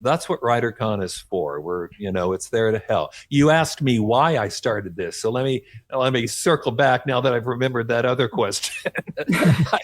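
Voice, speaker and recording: A man's voice: medium pitch, normal speed, no room sound. Earnest encouraging man, very dry sound. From Oklahoma, USA. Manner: earnest, encouraging, laughs between thoughts. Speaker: author and guest. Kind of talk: radio interview conversation.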